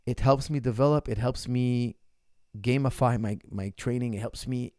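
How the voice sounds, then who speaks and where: Fielding questions from viewers during a relaxed livestream, this forty-something martial arts coach is direct and forceful, saying his main points more than once. His medium-pitched voice has a darkish tone and moves at a normal speed. It's recorded in a clean studio with no audible room.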